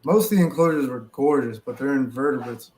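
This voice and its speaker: A man's voice: medium pitch, a little fast, darkish tone. Knowledgeable man in casual chat. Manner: detailed and knowledgeable, uses Latin species names. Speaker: podcast co-host.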